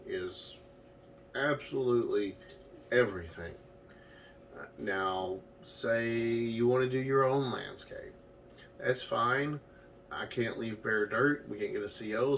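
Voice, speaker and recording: Man, gravelly low voice, home builder, plain-spoken casual talk, distant mic, faint background noise. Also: fairly bright tone. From Florida. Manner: plain-spoken, conversational, uses fillers.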